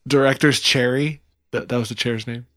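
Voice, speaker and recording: A man's voice: medium pitch, fairly even intonation, moderate pace, fairly bright tone, no room sound, clean studio sound. A man co-hosting a podcast, chatting casually with an enthusiastic, joking manner and some stammering. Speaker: podcast co-host. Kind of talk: casual comedy chat.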